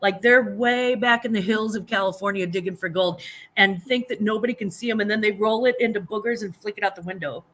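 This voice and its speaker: A woman's voice: mid-range voice, fairly quick, a bit bright. An older woman from the United States, chatting casually as a guest and slipping into mocking voices. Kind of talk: casual chat.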